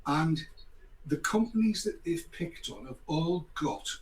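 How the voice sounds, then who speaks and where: A man's voice: on the high side, very animated, measured pace. An older man hosting a casual chat, rambling and sarcastic, with mock apologies. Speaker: host. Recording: echoey room, faint background noise.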